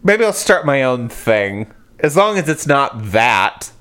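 A man voicing a bewildered young man writer, plain and deadpan, in a comic retelling. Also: medium pitch, slow, smooth.

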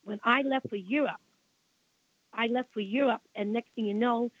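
Over a thin, tinny phone connection, an older woman from Brooklyn spins meandering tales for a radio interviewer, repeating herself and bristling at old grievances. Her pitch is on the high side, her pace normal, and the recording dry.

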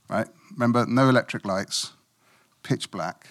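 A man's voice: mid-range voice, animated, normal speed, a bit bright. Middle-aged male preacher, conversational sermon, dry humour, playful asides. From Africa. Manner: conversational, self-mocking, playful asides with acted quotes.

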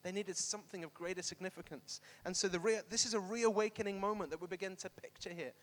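High-voiced preacher in a reverberant hall. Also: male voice, fast talker. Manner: animated, emphatic, repeats phrases for effect. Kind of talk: sermon. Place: church hall with congregation, also streamed online.

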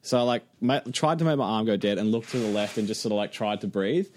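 A man's voice: lowish voice, fast, dry recording. A man tells a hospital story in loose podcast chat. He swears freely and acts out each person in it, his voice leaping up for the quoted lines. The sound is close and dry. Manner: animated, swears a lot, acts out quotes in raised voice. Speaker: podcast co-host.

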